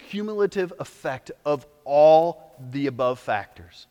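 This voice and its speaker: High-voiced preacher in a reverberant hall. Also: male voice, moderate pace, faint music behind. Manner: dramatic swings between hushed and loud, exhorting. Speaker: pastor. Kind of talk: sermon.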